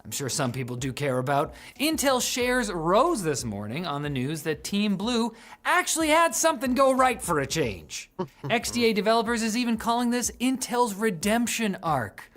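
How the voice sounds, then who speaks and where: Man, tech news host, lively swooping pitch, sarcastic scripted delivery. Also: moderate pace.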